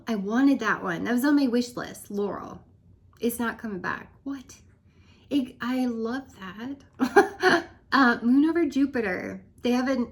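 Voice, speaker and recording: A woman with a fairly high voice talks to camera in a casual vlog rant, lively and chatty. She laughs often and slips into hushed, dramatic whispers. Her voice sounds a little worn from talking so much. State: losing her voice. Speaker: direct-sales consultant.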